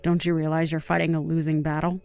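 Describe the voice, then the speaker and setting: A woman's voice: deep voice, flat delivery, fast, creaky, a little mellow, clean tone, no room sound, soft background music. A woman voicing an arrogant young female office worker who mocks and taunts others in a voiced story drama. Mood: sneering. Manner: sneering, taunting, laughs at others.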